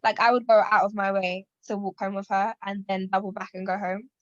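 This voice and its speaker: A woman in her twenties co-hosts a podcast, telling a story in a rambling, animated way and acting out what people said. Her mid-range voice is brisk, and the recording is muffled without echo.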